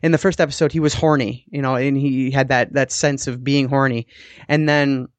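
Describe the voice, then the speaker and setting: A man's voice: medium pitch, fairly even intonation, moderate pace, dry recording. A man co-hosting a podcast, casually recapping a TV episode in a rambling way with the odd swear word. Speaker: podcast co-host.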